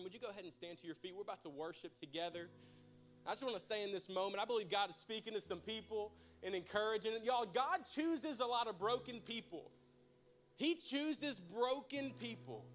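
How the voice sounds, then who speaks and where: A man's voice: sits high, fairly bright tone. A young man preaching a folksy, joking sermon to his church. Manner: folksy, joking, addresses crowd as y'all. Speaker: pastor.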